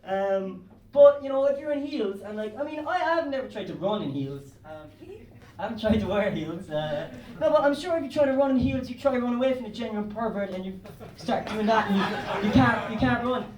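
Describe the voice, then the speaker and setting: Rambling Irish comedian in a roomy club. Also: male voice, high-pitched, animated, brisk, darkish tone. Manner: rambling, loose, swearing. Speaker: stand-up comedian. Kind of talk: stand-up comedy set. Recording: roomy club, distant mic.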